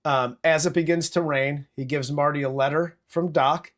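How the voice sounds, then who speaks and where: A man hosting a movie-review podcast, recapping scenes in a profane, animated casual chat. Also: fairly high pitch, normal speed. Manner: profane, animated retelling with acted quotes.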